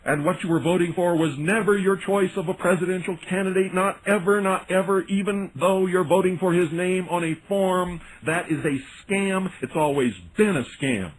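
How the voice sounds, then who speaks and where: A man's voice: sits high, normal speed, hardly any pauses, slight background noise, rough recording. A man hosting a radio talk show, delivering an indignant, sarcastic monologue. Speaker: radio host.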